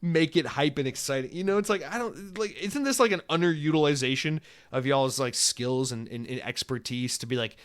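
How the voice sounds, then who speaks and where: A man's voice: fairly high pitch, brisk, hardly any pauses. Young guy ranting on his solo gaming podcast, swears a ton, sarcastic, rambles all over. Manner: acts out quoted voices mid-rant. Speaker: podcast host.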